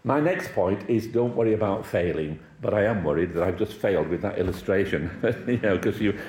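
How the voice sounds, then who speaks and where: Middle-aged male preacher from Wales, low voice, chatty anecdotal sermon, echoey church. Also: lively intonation, a little fast, darkish tone, a little hiss or hum. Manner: conversational, anecdotal with chuckles and acted quotes. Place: church hall.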